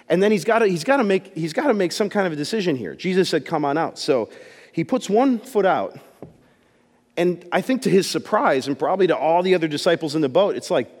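A man's voice: on the high side, long reverb tail. A man preaching a casual sermon in a church, telling the story with jokes and acting out the voices. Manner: animated storytelling, acts out voices, jokes with congregation. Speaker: pastor. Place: church sanctuary.

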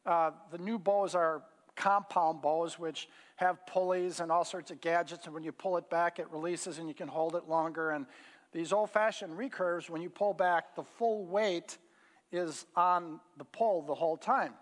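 A middle-aged pastor with a slightly high voice tells sermon stories in a casual, folksy manner, using plenty of fillers. He speaks at a normal speed with fairly even intonation, and hall reverb colors the recording.

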